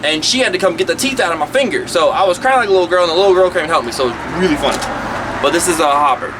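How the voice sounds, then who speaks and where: A man's voice: on the high side, lively intonation, very fast, far from the mic, background noise. A man chatting casually through a snake-feeding vlog, rambling with jokey asides. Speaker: pet snake vlogger.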